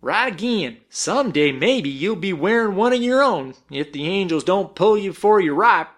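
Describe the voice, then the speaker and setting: A man voicing a grave, slow-spoken cowpuncher with a dry sense of humor. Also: sits high, expressive, voice pushed up.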